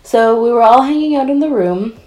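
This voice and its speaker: A young woman casually telling a spooky story, animated and full of fillers. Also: fairly high pitch, brisk, poor audio.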